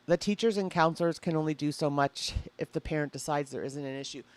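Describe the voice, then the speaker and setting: A woman with a deep voice talks fast while hosting live reaction commentary on a clip. She greets her chat and makes blunt, skeptical remarks.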